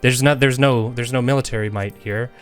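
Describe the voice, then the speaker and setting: A young man chats loosely while streaming a game, rambling and cracking jokes about the characters' stilted speech. His voice sits mid-pitched and ordinary. Faint game music hums underneath. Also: fairly even intonation, fairly quick, clean tone. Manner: rambling, joking, mocking imitations of characters. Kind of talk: casual gameplay commentary.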